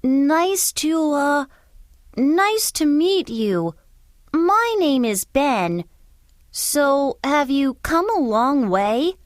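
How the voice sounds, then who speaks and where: A woman's voice: very animated, extremely slow, no echo, studio quality, heavily acted. A woman voicing a frightened young boy who stammers in surprise. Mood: nervous. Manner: startled, stammering, high. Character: scared, curious young boy explorer.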